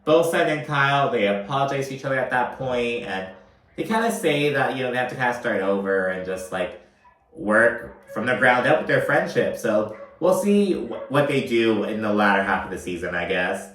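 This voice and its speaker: A man's voice: medium pitch, expressive, normal speed, a bit bright. A man giving a casual, profane recap of a reality TV episode, chatty and full of filler words. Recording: roomy, mic at a distance.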